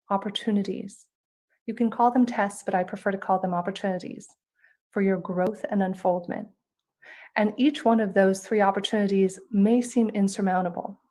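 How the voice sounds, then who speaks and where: A woman giving a spiritual talk at a conference, telling stories in a gently instructive way. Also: medium pitch. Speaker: conference speaker and author.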